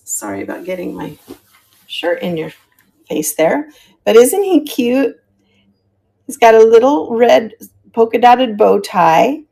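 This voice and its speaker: A woman's voice: mid-range voice, creaky, a little mellow, husky. An older woman, a retired teacher, chatting casually as she sells vintage items on a live stream and stops now and then to hunt for words. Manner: chatty, friendly, describes items while hunting for words. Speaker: live-stream auction seller. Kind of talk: casual live selling chat.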